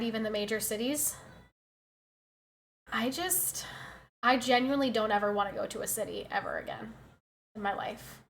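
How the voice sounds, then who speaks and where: A woman's voice: fairly high pitch, a bit bright, a little hiss or hum. A young woman with a slight New Jersey accent, streaming and chatting casually with viewers in a blunt, sarcastic way. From United States. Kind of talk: casual chat reading viewer messages.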